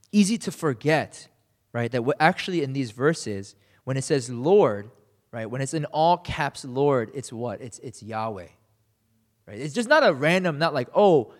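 A man's voice: a little high, long reverb tail. A man preaching a sermon in a conversational way, often checking in with "right?" and acting out quoted voices. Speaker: pastor.

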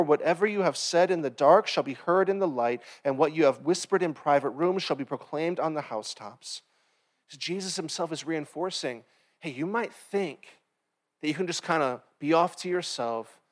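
A pastor delivering a sermon in an easy, conversational manner. His voice sits a little on the high side, and he keeps checking in with listeners with quick asides. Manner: conversational preaching with frequent "right?" asides.

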